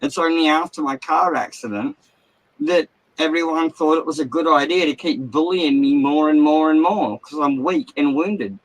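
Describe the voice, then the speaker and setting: A man's voice: fairly high pitch, moderate pace, poor audio. An Australian man hosting a casual livestream, ranting with heavy swearing from his caravan. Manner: agitated, heavy swearing, rambling. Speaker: livestream host.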